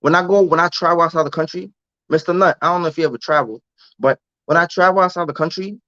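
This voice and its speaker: A young American man with a slightly high, sharp-toned voice fires off a fast, casual live-stream rant, heavy on street slang and repetition. The audio is dull, dry lo-fi with no room sound.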